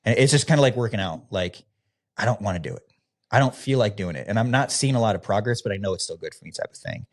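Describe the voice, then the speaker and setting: A man with a deep, low voice tells his own story on a podcast. He is a former youth pastor from the American Midwest. He speaks in a loose, candid way, with plenty of fillers, and he acts out the dialogue he is remembering. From Midwestern United States. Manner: casual, relaxed, with frequent fillers, often acting out quoted dialogue.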